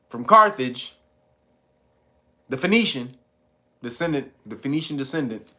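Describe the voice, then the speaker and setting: Male podcast host, high bright voice, profane rant broken by frequent laughs. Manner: laughs often, animated and mocking. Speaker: podcast host reading live chat. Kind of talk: casual profane commentary.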